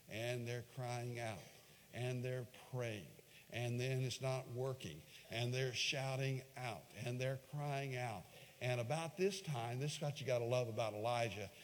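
A man preaching a sermon, retelling a scripture story dramatically, swinging from hushed lines to loud, raised ones. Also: medium pitch. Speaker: pastor. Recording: long hall reverb.

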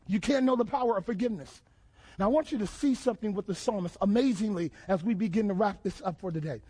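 A male pastor preaching a sermon, quizzing the congregation and building to emphatic shouts. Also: very high voice, husky. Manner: call-and-response questions to the congregation, emphatic shouted build-ups.

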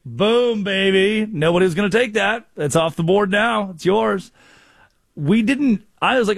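A man hosting a casual comedic chat show, telling stories with lively voiced quotes. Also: high-pitched, normal speed, vocal fry, husky, no echo. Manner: animated storytelling, voices quotes. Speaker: show host.

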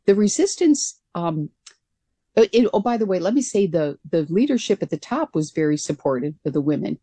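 Mellow, earnest woman recounting pilot days. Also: lowish voice, very animated, brisk, breathy edge, dry recording. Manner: earnest, reflective storyteller. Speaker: guest, former military pilot. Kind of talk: radio interview storytelling.

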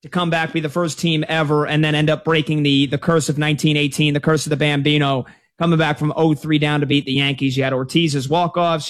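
A man hosting a sports talk radio show, his voice sitting a bit on the high side. He talks in a loose, conversational way, telling stories and taking callers. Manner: conversational, lively storytelling.

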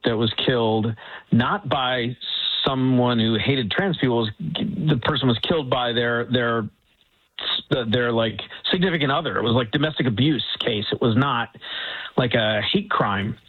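An indignant male guest heard over a thin, phone-like line, his voice a bit husky. He talks in halting bursts full of restarts. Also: medium pitch. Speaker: guest commentator. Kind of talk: political talk commentary.

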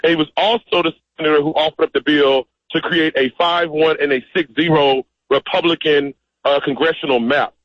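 A man's voice: fairly high pitch, fairly even intonation, brisk, no echo, lo-fi sound. A man as a radio interview guest, speaking emphatically and directly. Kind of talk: phone-in interview.

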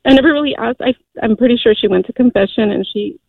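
A middle-aged woman calls in over a tinny phone line, her voice a little high. She speaks earnestly and haltingly, with frequent fillers. The sound is dry and close. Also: vocal fry, no echo. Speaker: caller. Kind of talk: call-in radio testimony.

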